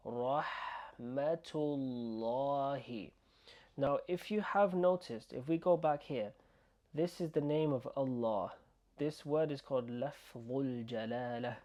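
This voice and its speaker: A man teaching pronunciation, slowly sounding out syllables and repeating them, with quick asides in between. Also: medium pitch, dark tone. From United Kingdom. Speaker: Arabic teacher. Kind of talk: pronunciation lesson, slow modeled repetition.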